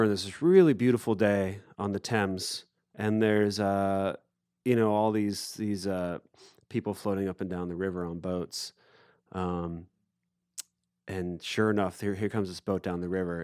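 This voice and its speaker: A man from Appalachia, a musician telling a story in a casual interview, relaxed and full of fillers. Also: deep voice, normal speed, dry recording, studio quality. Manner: relaxed anecdotal, with fillers and acted-out quotes. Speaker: musician guest. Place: festival recording booth.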